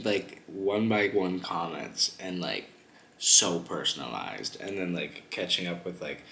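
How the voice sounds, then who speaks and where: A man's voice: low-pitched, pushed and bright. A young man vlogging a mukbang in casual chat, rambling with lots of fillers and giggles. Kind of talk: casual chat while eating on camera. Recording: echoey room with faint ambient noise.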